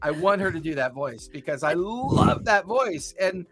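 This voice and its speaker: A man hosts a casual tabletop-gaming podcast, circling through his points and repeating words as he goes. His voice sits slightly high. Soft music plays behind him. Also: very animated, a little slow. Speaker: podcast host.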